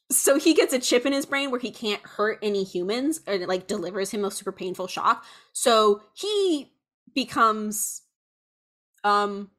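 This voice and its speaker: A woman's voice: mid-range voice, a little slow, long pauses. Young female co-host; casual, rambling delivery with lots of "like" and "um". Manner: rambling, animated, many fillers. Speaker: podcast co-host. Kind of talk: casual chat.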